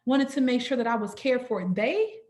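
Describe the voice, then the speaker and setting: A young woman telling a personal story to an audience at a sorority orientation, expressive, often stopping to ask "right?" and calling the listeners "y'all.". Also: a little high, moderate pace. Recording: echoey room.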